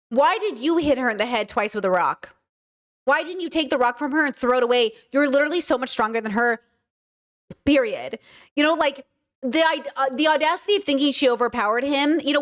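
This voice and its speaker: A woman's voice: high-pitched, expressive, brisk. A woman hosting casual commentary on courtroom footage, blunt and sarcastic, thinking aloud. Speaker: host commenting on trial footage.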